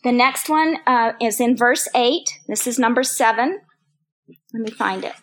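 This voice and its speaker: A woman's voice: on the high side, a little slow. An older woman teaching a women's Bible study, earnest and personal, repeating phrases for emphasis. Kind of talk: sermon.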